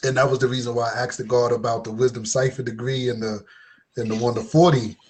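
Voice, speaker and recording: A man's voice: medium pitch, steady tone, fast talker, husky. Man adding on in a casual talk. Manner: adds on with brief agreements, stammering starts. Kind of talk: casual discussion.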